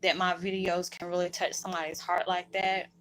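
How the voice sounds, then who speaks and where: A woman's voice: on the low side, level tone, a little fast, fairly bright tone, a little hiss or hum, low-quality recording. A woman vlogger talking to her viewers in a rambling, heartfelt way, emotional and holding back tears. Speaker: spiritual vlogger. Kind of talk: heartfelt casual monologue to viewers.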